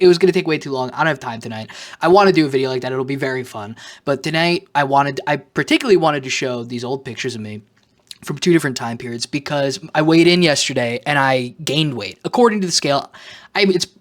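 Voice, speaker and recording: A man talking straight to camera in a confessional vlog, self-mocking, jumping between loud joking outbursts and quiet muttered asides. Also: medium pitch. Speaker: vlogger.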